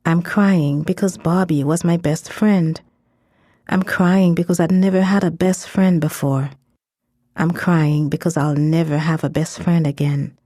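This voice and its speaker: A woman reading first-person fiction aloud in a measured, intense storytelling manner on a close studio mic. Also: lowish voice, warm tone, no echo. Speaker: story narrator.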